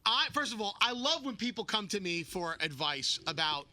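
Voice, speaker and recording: A man's voice: high-pitched, sing-song, normal speed, bright, forceful tone. A man from Brooklyn co-hosting a radio show, firing off emphatic, exasperated rhetorical questions. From Brooklyn, New York. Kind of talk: casual on-air banter.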